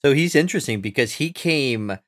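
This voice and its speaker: A man's voice: medium pitch, expressive, a little fast. A young man co-hosting a casual podcast, talking with enthusiasm and rambling with fillers and restarts. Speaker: podcast co-host. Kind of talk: casual chat.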